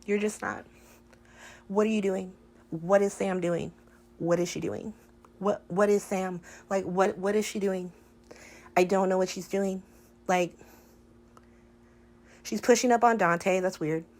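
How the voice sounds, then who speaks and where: A woman's voice: on the low side, rough recording. A woman hosting a casual soap opera recap from home, talking in a sassy, exasperated way full of rhetorical questions.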